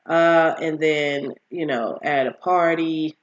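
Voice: medium pitch, steady tone, slow pace, highs cut off. A vlogger casually recapping a TV series, rambling with lots of fillers and acting out the characters' lines.

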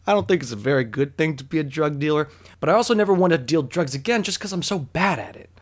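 A man telling a comic personal story in a self-deprecating way, swearing casually and swinging between hushed asides and loud outbursts. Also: fairly high pitch, expressive, fast.

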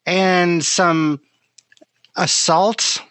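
A man's voice: sits high, steady tone, very slow, fairly bright tone, smooth, no echo, poor audio. Easygoing curious man co-hosting a podcast. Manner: easygoing, curious, thinks aloud with fillers. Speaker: podcast co-host. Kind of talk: casual podcast chat.

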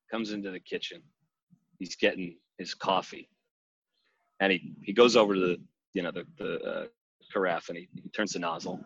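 A man tells rambling, deadpan comic anecdotes with a lively, swinging pitch. His voice is husky. The recording is dry and a little dull. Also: no room sound. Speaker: comedian in character as a wrestling caterer. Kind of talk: improvised comedic storytelling.

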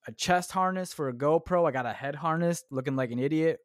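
A man talking through a casual solo podcast monologue in a loose, rambling way, peppered with "man" and "dude." His voice sits a bit higher than most men's. The sound is dry and close, from a small clip-on mic. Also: brisk, no echo. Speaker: podcast host. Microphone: clip-on shirt mic.

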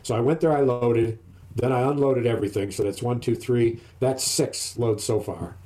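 A man's voice: mid-range voice, steady tone, normal speed, warm tone. An older man chatting casually, telling a long rambling story and acting out what others said. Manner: rambling storyteller who acts out other voices. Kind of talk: casual chat.

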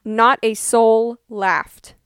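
A woman's voice: a little high, fairly even intonation, extremely slow, smooth, dry recording, studio quality. A young woman in her twenties hosting a podcast, telling a story in a chatty, wry way and quoting people in exaggerated voices. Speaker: podcast host. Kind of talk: casual storytelling monologue.

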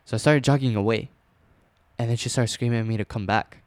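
A young man casually telling a scary personal story, rambling with fillers and restarts, dropping to a hush at tense moments. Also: mid-range voice, fast, dry recording.

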